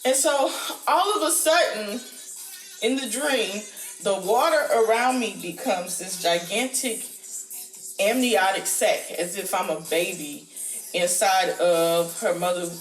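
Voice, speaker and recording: A woman vlogger telling a spiritual dream story to camera in a casual, animated way, with casual slang. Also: a little slow. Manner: animated, acts out her panic in a high squeaky voice; casual slang, says "y'all". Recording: roomy echo with faint music behind.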